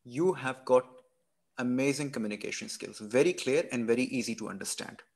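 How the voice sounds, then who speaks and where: A male tutor guiding a candidate through practice over a video call. He is reassuring and friendly in how he talks, at a middle pitch. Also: brisk, creaky. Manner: encouraging, reassuring. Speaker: exam tutor. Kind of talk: coaching over a video session.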